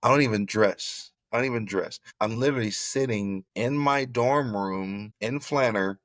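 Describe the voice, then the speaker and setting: Deep-voiced man telling his story. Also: moderate pace, no echo. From Florida. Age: middle-aged. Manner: animated, conversational, repeats phrases for emphasis. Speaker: former football player, guest. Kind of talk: candid interview storytelling.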